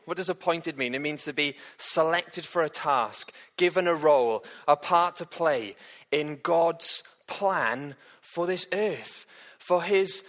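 A man's voice: fairly high pitch, takes it slowly, fairly bright tone. A man giving a casual, humorous church talk, full of fillers and restarts as he chats with the congregation. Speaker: preacher.

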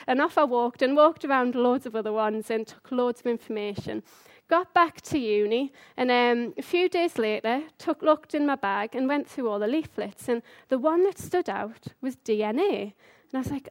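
A woman's voice: a little high, lively intonation, normal speed, hardly any pauses, no room sound. A young woman giving a sermon, telling a personal story in a chatty, enthusiastic way. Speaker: speaker giving a church talk.

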